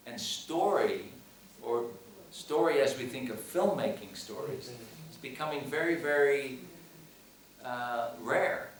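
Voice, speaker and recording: An expressive man with a mid-range voice takes his time, telling a story with hesitant restarts. He's a film director and teacher answering questions after a screening, audience present in the hall. A little hiss or hum, lots of echo, and a far-off mic mark the recording.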